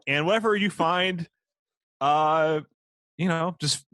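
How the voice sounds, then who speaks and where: A man's voice: on the high side, slow pace, fairly bright tone, dry recording, studio quality. Rambling man hosting a podcast. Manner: rambling, full of fillers and self-deprecating laughs. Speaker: podcast co-host. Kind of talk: casual chat.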